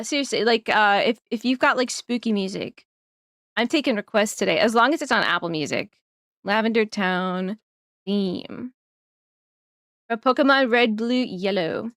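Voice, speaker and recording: A woman's voice: a little high, fairly bright tone, no room sound, studio quality. A woman streamer chatting casually on a live stream, giggling often and rambling through plenty of fillers.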